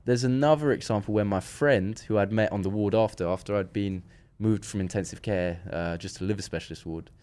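Low-voiced guy telling a story on a podcast, acts out the quotes, lots of restarts. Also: fairly quick, hardly any pauses, smooth. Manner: animated, acts out quoted dialogue, frequent restarts. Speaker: podcast guest. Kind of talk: casual storytelling.

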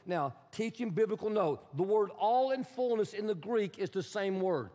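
Pastor, male, high voice, emphatic teaching sermon, long reverb of a church sanctuary. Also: animated, moderate pace, few pauses, a little mellow. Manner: emphatic, repetitive teaching with audience prompts.

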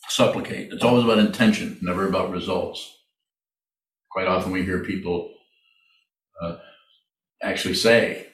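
Deep-voiced man teaching in an echoey hall. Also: steady tone, slight background noise. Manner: slow, halting, repeats phrases. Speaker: meditation teacher. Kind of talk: Q&A in a dharma talk. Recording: echoey room from far off.

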